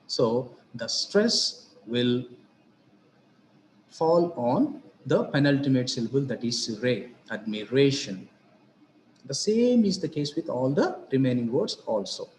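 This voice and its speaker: A man giving a grammar lesson on word stress, speaking slowly and deliberately and repeating example words. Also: medium pitch, sing-song, echoey room, a little hiss or hum. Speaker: English teacher.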